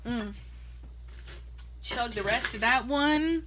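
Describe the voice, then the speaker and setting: A woman's voice: a little high, slow, noisy background. A tipsy young woman, a makeup artist, telling a rambling, profane story in a casual way and laughing often. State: tipsy from drinking.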